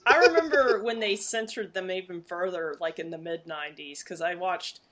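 Speaking at a moderate pace, this podcast co-host has a lowish, slightly bright voice. She keeps things chatty and casual, wandering off with lots of filler words.

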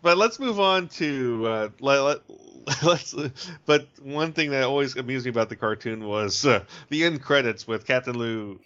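A man co-hosting a podcast in casual chat, joking and rambling in an animated way. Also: mid-range voice, moderate pace, smooth. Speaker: podcast co-host. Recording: dull lo-fi podcast audio.

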